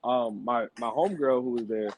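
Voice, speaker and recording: A man's voice: medium pitch, moderate pace, a crowd in the background. A man hosting a podcast, telling a casual story with loose slang, lots of restarts and fillers. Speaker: podcast host. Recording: dry tinny phone-like audio.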